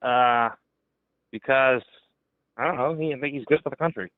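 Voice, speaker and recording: A man's voice: mid-range voice, normal speed, dry recording. A man in his thirties calling into a live stream, talking in a hesitant, unsure way. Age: 30s. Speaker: caller. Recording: dry tinny phone-like call.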